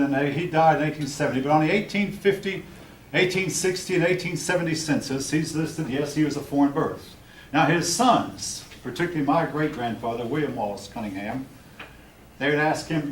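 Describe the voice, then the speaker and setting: A man's voice: fairly high pitch, normal speed, a little hiss or hum. An older man teaching a history class, lecturing plainly with blunt, opinionated asides to his students. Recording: roomy classroom recorded from a distance.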